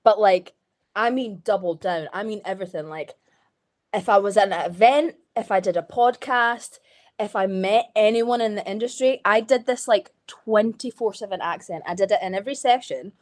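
A Scottish woman chatting as a podcast guest. She talks frankly and swears freely, with a mid-pitched voice. Her speech is loose and full of "like". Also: normal speed, a little mellow. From Scotland. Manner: frank, swears freely, leans on "like" while telling stories. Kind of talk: casual chat.

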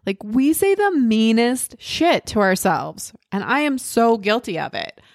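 A woman's voice: fairly high pitch, big pitch swings, unhurried, no room sound, clean studio sound. A woman coach giving a candid, motivational pep talk, swearing freely and checking in with "right?".

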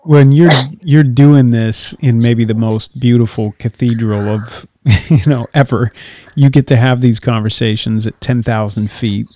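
A man hosting an interview, asking long reflective questions and murmuring soft agreement while the guest talks. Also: medium pitch, fairly even intonation, measured pace, no echo. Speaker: host. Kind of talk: casual faith interview.

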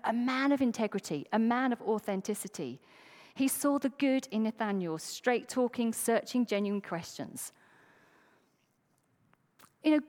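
Woman preacher, higher voice, very lively pitch, chatty sermon, long hall reverb. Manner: conversational, tells jokes.

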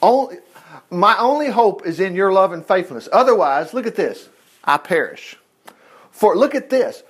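A man gives an informal Bible lesson. His voice sits high for a man and swings widely in pitch. He jumps between reading scripture and excited asides of his own. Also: normal speed, breathy edge. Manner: animated, reads scripture aloud with asides. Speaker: Bible teacher.

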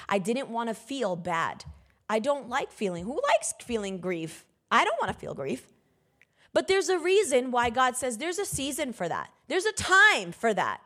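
A woman preacher giving an emphatic sermon, breaking into bursts of loud exhortation. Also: fairly high pitch.

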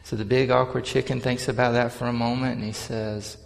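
A pastor delivers a sermon with an earnest, conversational touch. His voice is gravelly and sits at an ordinary middle pitch for a man. The long reverb of a large church hall trails behind every phrase. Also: level tone, brisk. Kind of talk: sermon with prayer and storytelling.

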